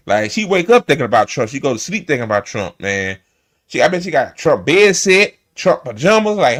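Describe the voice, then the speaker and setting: A man on a live stream delivers a heated, profane rant, repeating himself for emphasis. His voice sits a little high for a man and swings widely up and down as he gets worked up. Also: fairly bright tone. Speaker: live stream host reacting to a clip.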